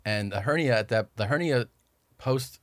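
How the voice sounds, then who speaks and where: As a podcast guest, a man with a medium-pitched voice tells a long, rambling story at normal speed, swearing and acting out quoted dialogue in a casual chat. The recording is dry.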